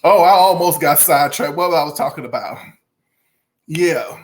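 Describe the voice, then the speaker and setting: A music channel host offers casual commentary, chatty and animated, laughing often and addressing viewers directly with folksy asides. The voice is mid-range at a normal speed.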